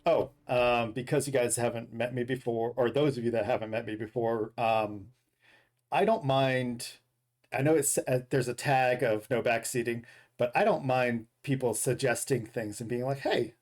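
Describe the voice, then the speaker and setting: A man speaks at a moderate pace in a darkish, mid-range voice with fairly even intonation. During his game stream he chats casually, reading dad jokes aloud, often fixing his own wording and chuckling at his jokes.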